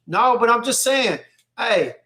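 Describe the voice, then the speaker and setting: High-pitched man in casual podcast chat. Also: measured pace. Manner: animated, repeats "you know what I'm saying". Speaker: podcast co-host.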